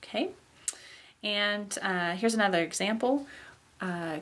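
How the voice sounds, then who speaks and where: A woman giving a recorded pronunciation lecture in a voice of middle pitch. She explains patiently, pausing on each example word and saying it slowly, then repeating it. Fillers such as "okay" and "um" mark her moves from point to point. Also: a bit bright. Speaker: teacher.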